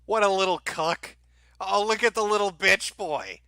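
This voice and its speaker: A man's voice: high-pitched, normal speed, pushed and bright, no echo. A man live-streaming crude, sarcastic commentary over an audiobook, mocking it and laughing often.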